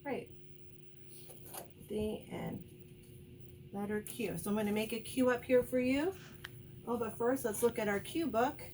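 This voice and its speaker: A woman teacher reads a picture book to young children, taking her time over each word in a clear, encouraging way. Her voice sits a little high and is heard from a step back, with a faint hiss in the room. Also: unhurried, pauses often, warm tone, recorded from a distance.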